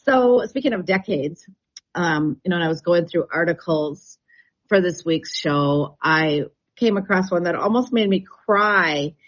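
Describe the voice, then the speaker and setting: A woman's voice: fairly low pitch, animated, unhurried. A woman, chatting and telling stories as a radio guest, laughing often. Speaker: real estate agent and radio show guest. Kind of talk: casual radio chat. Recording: dull radio broadcast sound.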